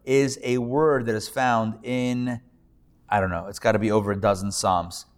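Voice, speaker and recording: Man, rabbi-teacher, live class; patient, repeats every word, relaxed asides. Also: lowish voice. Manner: patient, repeats words slowly, casual asides.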